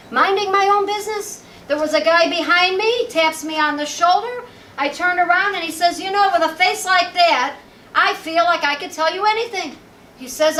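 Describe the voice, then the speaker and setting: A woman's voice: sits high, a bit bright, slight background noise. A woman from Chicago performing a chatty stand-up set, telling dating stories and acting out punchlines on a lounge stage, recorded in an echoey room from a distance. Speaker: stand-up comedian. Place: lounge stage with live audience.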